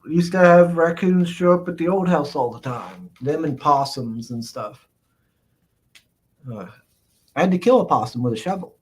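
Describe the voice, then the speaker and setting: Chatty man, slightly high voice. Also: expressive, normal speed, breathy edge. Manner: rambling, chuckling, lots of "uh, let's see" fillers. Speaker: streamer host reading chat. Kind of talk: casual live-stream chat.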